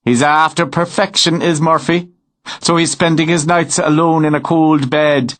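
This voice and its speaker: A man doing a gossipy village pub regular, high put-on voice, grumbling. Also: fairly even intonation, normal speed, fairly bright tone, lightly acted.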